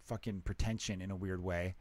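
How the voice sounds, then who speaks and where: A man from the Chicago area hosting a podcast, chatting casually and joking with quick asides. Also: low voice, steady tone, a little mellow. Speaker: podcast host.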